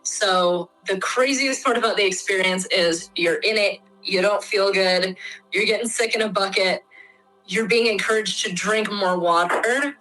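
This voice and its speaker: A woman's voice: medium pitch, normal speed, pushed and bright, poor audio. A woman with a Midwestern American accent, a guest in an interview, explaining things in a chatty, frank way with lots of fillers.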